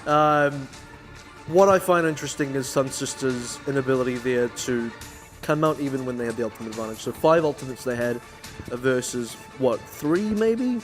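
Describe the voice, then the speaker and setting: A man casting a live esports match, breaking down plays in a measured, analytical way. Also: mid-range voice, faint music behind. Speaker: esports caster.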